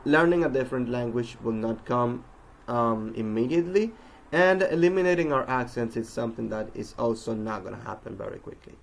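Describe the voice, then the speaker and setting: A man giving an instructional talk on pronunciation, speaking in a measured way with frequent um and uh fillers. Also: medium pitch, creaky. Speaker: English pronunciation teacher.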